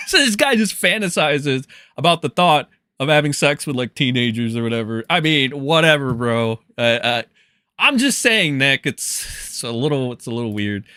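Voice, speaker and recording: A man's voice: mid-range voice, very animated, moderate pace, pushed and bright, clean tone, dry recording. A man doing profane live-stream commentary, mocking and crude, swearing and laughing often.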